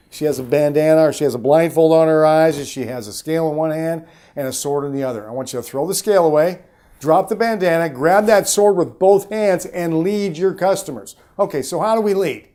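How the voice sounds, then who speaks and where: A middle-aged man with a slightly high voice delivers a motivational talk to salespeople. He is emphatic and coaching, pushing his pitch up and dropping it low, then getting loud and going quiet again to drive each point home. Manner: emphatic, coaching, varies pitch and volume widely. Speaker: sales trainer, host.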